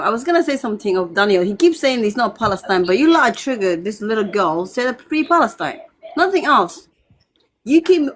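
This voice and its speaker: A woman's voice: mid-range voice, a little hiss or hum. A woman challenging the other side sarcastically as a guest in a casual live debate.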